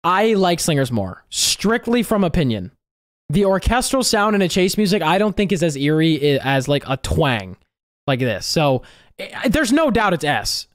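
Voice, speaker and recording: A music producer giving casual, emphatic reaction commentary, excitable and given to repeating words and swearing. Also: mid-range voice, normal speed, dry recording, studio quality. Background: game chase music playing faintly.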